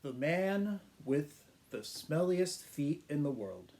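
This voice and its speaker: Brief: man teacher reading a funny tale slowly, mellow and warm, with playful sound effects. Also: fairly high pitch, big pitch swings. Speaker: English teacher. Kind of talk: children's storytelling for English learners.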